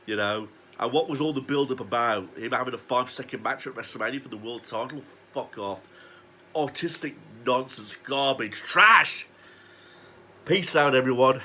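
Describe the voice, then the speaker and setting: A man's voice: medium pitch, a little fast, fairly bright tone, a little hiss or hum. A man, ranting sarcastically and swearing as he reviews a wrestling show. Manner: foul-mouthed, sarcastic ranting.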